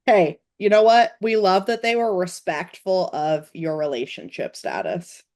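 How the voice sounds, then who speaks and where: Low-voiced, wry American woman co-host. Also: unhurried. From United States. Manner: relaxed, wry, supportive listener with short backchannels. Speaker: podcast co-host. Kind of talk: casual chat. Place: Portland, United States.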